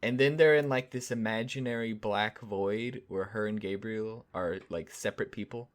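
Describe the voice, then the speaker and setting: Low-voiced man giving a laid-back recap. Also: normal speed. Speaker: podcast co-host. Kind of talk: casual movie review chat. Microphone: edits the recording himself.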